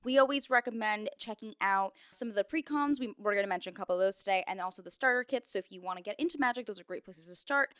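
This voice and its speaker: A woman's voice: medium pitch, quick pace, few pauses, a bit bright, no echo, clean studio sound. A young woman co-hosting a casual chat show, bubbly and chatty. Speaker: co-host.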